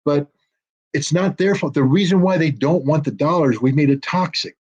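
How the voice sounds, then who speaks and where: A middle-aged man from the United States, a guest on a political commentary interview, talks emphatically with sardonic jabs, mocking officials he quotes. His voice is fairly high, a little mellow and husky, at normal speed, on dull lo-fi audio.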